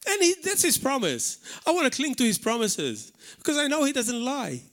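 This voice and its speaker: A man from Malta with a Maltese accent, preaching an animated sermon in a church hall. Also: very high-pitched, moderate pace. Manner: animated preaching, shouting out acted warnings.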